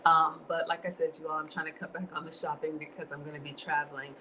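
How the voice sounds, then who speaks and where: A woman with a Southern US accent and a slightly low voice, cooking live in her home kitchen. She chats casually, greets viewers by name and reads their comments aloud. A faint hum sits in the background. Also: little pitch movement, quick pace, pushed and bright, poor audio. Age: middle-aged. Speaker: home cook streaming live. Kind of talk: casual livestream cooking chat.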